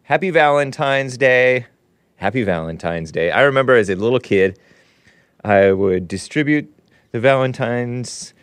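A man's voice: mid-range voice, a little slow, smooth, dry recording. A middle-aged man hosting his own livestream show, chatting casually in a rambling way with joking asides. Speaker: show host. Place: home studio in Los Angeles.

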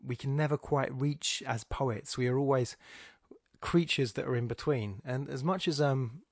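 On his podcast, a man with a medium-pitched voice works through a poem at normal speed, rambling thoughtfully and frequently starting over. Self-mocking, wry asides pepper his analysis, captured in clean, echo-free studio audio.

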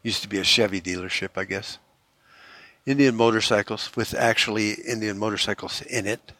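Driving through a small town, a middle-aged man hosts his podcast in a lowish, steady voice that's a little fast, pushed, and bright. He chats casually and swears freely, now and then slipping into a mock Australian accent for laughs. No room sound is audible.

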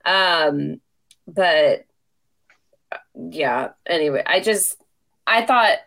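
A woman hosting a podcast tells a story in casual chat, laughing often and sounding animated. Her voice is lowish with drawn-out words, and there's slight background noise.

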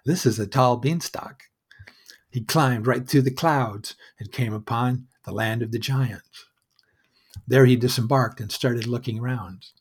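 Male storyteller, husky, measured wry narration, mid-range voice. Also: medium pitch, steady tone.

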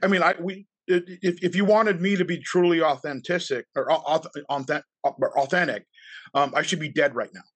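A man's voice: on the high side, moderate pace, fairly bright tone, slightly rough, no echo. A man in his fifties chats as a podcast guest and keeps tripping over his words, repeating them before he gets going. The sound is close and dry, with no room around it. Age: 50s. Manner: stammering, repeats words, laughs often. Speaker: reenactment group leader, podcast guest. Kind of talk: casual interview chat.

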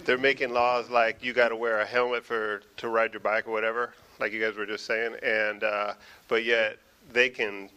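Male panel guest, flat intonation, measured and pointed. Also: fairly low pitch, smooth, low-quality recording. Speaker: discussion participant. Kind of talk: talk show discussion.

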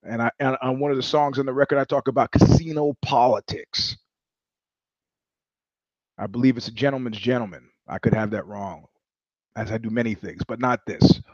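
A man's voice: mid-range voice, normal speed, darkish tone, no room sound. Profane storytelling male show host. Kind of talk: casual monologue. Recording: dull lo-fi sound, dry.

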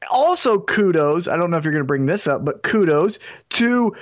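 A man co-hosting a podcast, chatting casually and excitedly about wrestling, swearing often and acting out scenes he pitches. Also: moderate pace, dull audio. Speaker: podcast co-host.

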